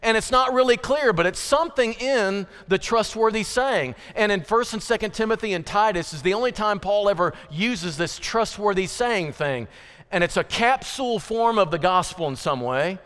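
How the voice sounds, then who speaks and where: High-voiced man preaching in a hall. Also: lively intonation, normal speed, a bit bright, clean tone. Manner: conversational, emphatic preaching with rhetorical questions. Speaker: pastor. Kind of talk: sermon.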